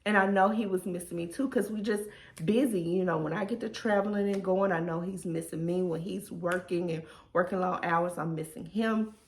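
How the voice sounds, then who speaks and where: A woman in a heartfelt, casual vlog. Her voice sits a little low, and she sounds emotional and sincere. The recording has a noticeable room echo. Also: moderate pace, slight background noise. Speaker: vlogger. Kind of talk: reflective personal vlog.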